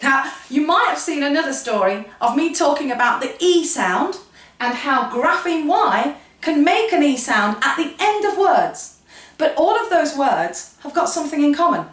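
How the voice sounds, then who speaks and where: Animated, playful woman teaching phonics. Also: high-pitched, moderate pace, far from the mic. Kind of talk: children's phonics lesson. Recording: echoey room, voice a bit off-mic.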